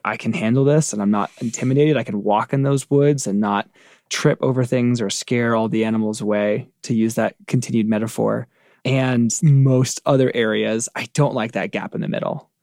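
Thoughtful gravelly man on a dry mic. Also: mid-range voice, darkish tone, dry recording. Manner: thoughtful, searching, frequent "like" fillers. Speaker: podcast co-host. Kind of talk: reflective podcast conversation.

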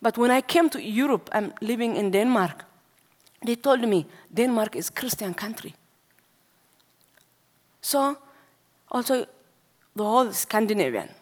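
A woman from Africa preaching a sermon to young people in a meeting hall, speaking non-native English with urgent exhortation. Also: a little high. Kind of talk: sermon testimony.

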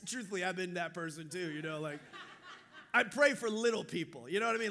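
A male pastor preaching a sermon, telling stories in an animated, joking way. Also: extremely high pitch, brisk.

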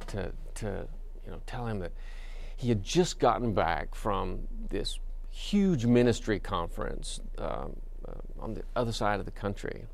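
Man, pastor, sermon, gravelly voice, casual storytelling, lots of ums and restarts. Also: medium pitch, darkish tone. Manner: conversational storytelling with many fillers and restarts.

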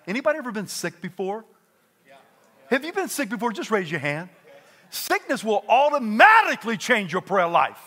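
Animated preacher man with a bright voice. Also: high-pitched, normal speed. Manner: animated, swings from quiet asides to loud exclamations. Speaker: pastor. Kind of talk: sermon.

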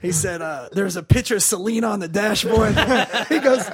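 A man, a comedian, telling animated stories in casual chat and acting out the people in them. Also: high-pitched, moderate pace, crowd noise. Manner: animated, acts out voices in anecdotes.

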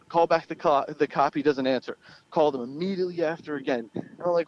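A young man with a slightly high voice tells a wild story in loose, profane talk, laughing as he goes. The sound is dull and lo-fi. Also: fast, a little hiss or hum. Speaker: guest storyteller. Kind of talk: casual anecdote.

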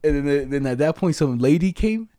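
Slangy rambling young man, dark voice. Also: a little high, lively intonation, a little fast, dry recording, clean studio sound. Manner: slangy, rambling storytelling with acted quotes. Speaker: storyteller in casual chat. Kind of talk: casual chat.

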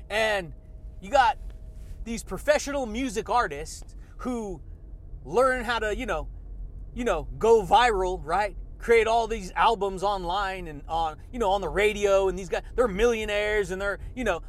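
A man hosting a motivational podcast, hyped and repetitive, calling his listeners buddy and baby. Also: high voice. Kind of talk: fired-up motivational monologue.

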